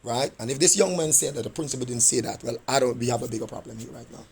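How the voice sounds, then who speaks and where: A man with a gravelly, somewhat husky voice presses his point in a meeting at a school office. He speaks as a parent and coach, insistent and repetitive. He keeps checking in with "right?" as he goes. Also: mid-range voice, fast. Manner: insistent, repeats "right?" often. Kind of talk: heated meeting with school staff.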